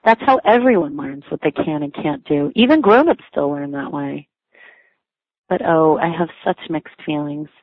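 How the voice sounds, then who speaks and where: A woman whose voice sits low reads her own personal essay from her blog at a moderate pace. Wry and self-deprecating with light amusement, she's captured in a dry recording that sounds tinny, like a phone.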